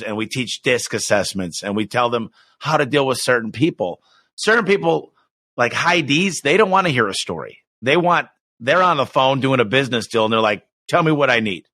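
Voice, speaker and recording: In a mid-range voice with no room sound, a US business owner shares stories as a guest on a podcast. He's an animated storyteller, full of energy and enthusiasm.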